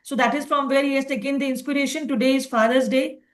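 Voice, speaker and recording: Woman, phonics tutor, high voice, patient explaining, online lesson. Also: steady tone, fast. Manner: explains patiently, often checking with "okay". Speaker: phonics teacher trainer.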